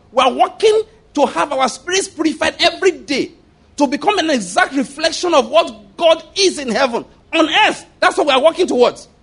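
A man's voice: very high-pitched, a bit bright. A man preaching as a pastor in an emphatic sermon, repeating phrases and asking rhetorical questions.

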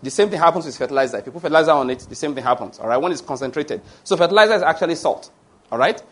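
A man's voice: on the high side, animated, rapid-fire, a bit bright. A man preaching a sermon, emphatic and digressive, asking the congregation questions and answering them himself. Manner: digressive, with restarts and fillers.

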